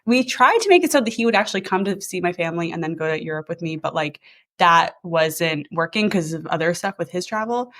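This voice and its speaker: A woman's voice: lowish voice, lively intonation, a little fast, fairly bright tone. Chatty woman who laughs a lot. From New Jersey. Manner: chatty, laughs often, many likes. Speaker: podcast host. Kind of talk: casual chat.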